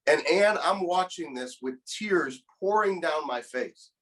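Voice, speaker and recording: This is a guest motivational speaker and coach, a man in his thirties, telling a personal story conversationally at a normal speed. His voice is fairly high and a bit bright, his delivery earnest and emotional, with words often repeated as a thought begins. The audio is poor.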